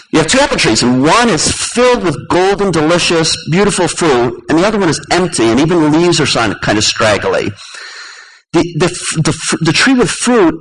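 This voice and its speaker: Lively-voiced man preaching a sermon. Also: on the high side, husky, rough recording. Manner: conversational, chuckles and asks the congregation questions. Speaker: pastor.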